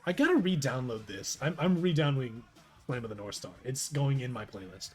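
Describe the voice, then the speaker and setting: A man's voice: medium pitch, very animated, brisk, soft background music. A young man chatting casually on a live stream, rambling and self-deprecating, with frequent restarts. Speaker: streamer reading a webcomic aloud.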